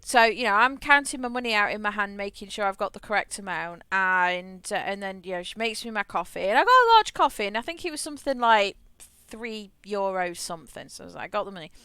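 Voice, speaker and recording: Quick and mid-range with big swings in pitch, this woman has a sharp yet smooth tone, recorded dry. While streaming a game she chats casually, spinning a rambling tale full of false starts and repeated words.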